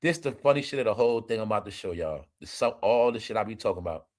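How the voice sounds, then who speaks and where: A man's voice: lowish voice, expressive, quick pace. A man hosting an entertainment commentary show, ranting emphatically and profanely straight to his viewers. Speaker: commentary channel host.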